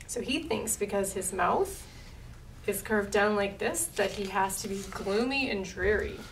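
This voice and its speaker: A woman librarian reading a picture book aloud at storytime, in a slow rhythmic rhyme, recorded from a distance in a library with faint noise. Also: mid-range voice, creaky. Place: public library.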